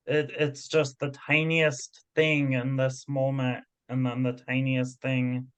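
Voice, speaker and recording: A man hosting a casual group session, speaking in a gentle, reflective way. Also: mid-range voice, dry recording. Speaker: workshop host. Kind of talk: calm group facilitation.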